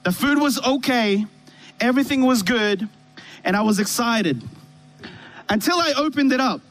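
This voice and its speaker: A man preaching a sermon on a church stage with a band, telling a story in an animated way and often restarting his sentences. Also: very high voice, normal speed.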